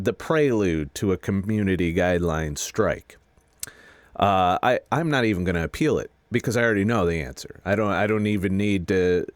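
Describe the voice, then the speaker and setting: A middle-aged man venting a frustrated, profane rant to his viewers, halting and restarting as he talks. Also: lowish voice, no echo. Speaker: video creator. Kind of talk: frustrated personal rant to camera.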